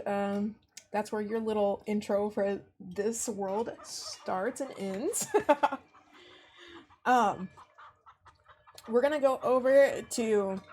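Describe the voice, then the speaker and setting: A woman's voice: mid-range voice, steady tone, takes it slowly, pauses often, darkish tone, a little hiss or hum. A young woman running a tabletop game as game master, narrating in a rambling way with many fillers. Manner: rambling, with frequent fillers and laughs.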